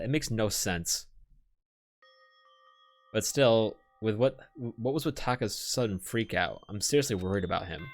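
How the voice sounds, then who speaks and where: A man's voice: lowish voice, animated, a little slow. A man streaming, reading a visual novel aloud with sarcastic, swearing asides.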